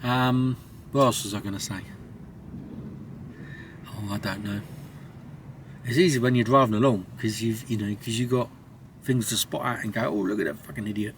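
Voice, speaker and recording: A man's voice: medium pitch, steady tone, moderate pace, long pauses, a little hiss or hum. A man, a lorry driver, chatting casually to his camera from inside his truck cab, rambling along with a lot of swearing and self-mockery. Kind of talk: casual vlog chat to camera.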